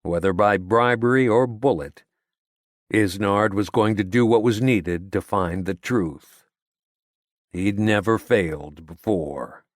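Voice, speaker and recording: A man narrating an audiobook in a measured, steady storytelling manner, recorded in a voice-over booth. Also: lowish voice, no room sound, clean studio sound. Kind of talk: scripted narration.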